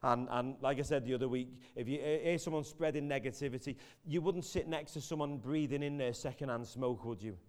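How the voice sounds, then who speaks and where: A man's voice: mid-range voice, a little fast, hardly any pauses, darkish tone. A man giving a chatty, jokey sermon in a church, telling the story with many restarts. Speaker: preacher. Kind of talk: casual sermon.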